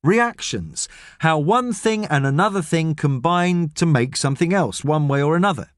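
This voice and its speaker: A man voicing a gruff, grumpy middle-aged astronaut, stern and lecturing in an audiobook. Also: on the high side, expressive, moderate pace, dry recording, clean studio sound, voice pushed up, natural voice. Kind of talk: audiobook character reading.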